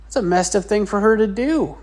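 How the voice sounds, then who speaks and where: A woman's voice: mid-range voice, fairly quick, darkish tone. A woman teacher narrating a casual drawing lesson in a chatty, rambling way. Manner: chatty, rambling, with many fillers.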